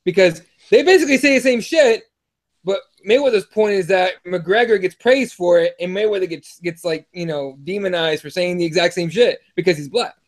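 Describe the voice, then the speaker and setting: A man's voice: sits high, normal speed. A man hosting a live podcast-style fight show, talking loosely, swearing and stumbling over his words. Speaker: podcast host. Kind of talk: casual live show chat.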